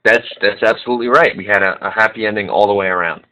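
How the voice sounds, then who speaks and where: A man's voice: lowish voice, quick pace, pushed and bright, rough recording. Teasing, incredulous man. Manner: playfully incredulous, teasing interruptions. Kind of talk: casual chat.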